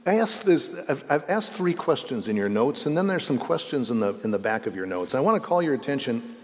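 Brief: male preacher, mid-pitched, emphatic Bible teaching with long reverb from a church hall. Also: sing-song, fairly quick. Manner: emphatic, rising on key words, repeats and corrects phrases. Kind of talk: sermon-style Bible teaching.

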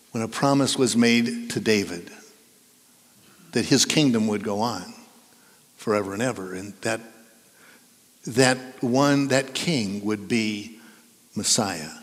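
A middle-aged man preaching a sermon in a church, conversational and playful as he coaxes the congregation to join in. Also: mid-range voice. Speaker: pastor. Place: church sanctuary. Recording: long hall reverb.

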